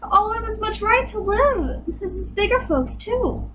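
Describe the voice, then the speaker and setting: A woman's voice: very high-pitched, animated, a little slow, bright, forceful tone, voice pushed up, heavily acted. A woman voicing a kind, earnest male elephant who speaks in a pleading, sincere way.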